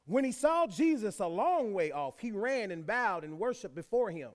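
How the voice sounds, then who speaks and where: A man's voice: high voice, very animated, normal speed. A man preaching a sermon, reading scripture aloud and repeating key lines for emphasis, with folksy asides to the congregation. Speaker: pastor.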